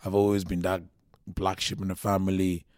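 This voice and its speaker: A man in his thirties, originally from Nigeria, talks through his life story in a loose, lively way, often stopping to restart a sentence. His voice sits low, and the sound is close and dry with no room echo. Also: moderate pace. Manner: chatty and animated, restarts a lot, acts out quotes. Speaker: guest, comedian. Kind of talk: casual interview storytelling.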